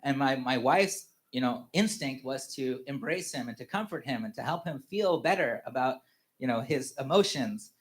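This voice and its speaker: A man in his thirties giving a personal testimony at a church family service, speaking haltingly with many fillers and restarts and chuckling often. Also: mid-range voice, expressive. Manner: halting, full of "you know" fillers and restarts; chuckles often while telling stories.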